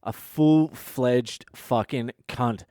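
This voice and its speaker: Foul-mouthed man, smooth dry voice. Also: mid-range voice, drawn-out words, dark tone, no echo. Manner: foul-mouthed, blunt, ranting. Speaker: podcast host. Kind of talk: casual storytelling monologue.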